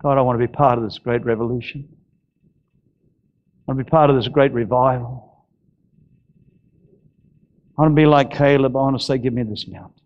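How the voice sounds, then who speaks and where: A male pastor preaching a fervent sermon, shouting and then dropping to low, intense exhortation. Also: steady tone, moderate pace, long pauses, dull audio.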